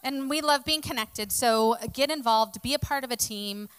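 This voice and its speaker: A woman's voice: fairly high pitch, normal speed, smooth, long reverb tail, low-quality recording. A woman earnestly encouraging church members to volunteer during announcements. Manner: earnest, encouraging, soft fillers.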